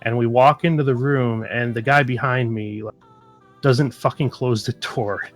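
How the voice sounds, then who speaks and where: A man in casual podcast chat, his voice sitting at a middle pitch. He tells stories animatedly and swears freely. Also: fairly even intonation, unhurried, faint music behind. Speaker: podcast co-host.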